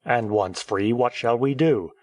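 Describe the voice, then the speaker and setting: A man's voice: mid-range voice, a little slow, darkish tone, dry recording, close to an everyday voice. A man reading an audiobook, voicing a wounded, stubborn male English journalist in a terse, reserved way.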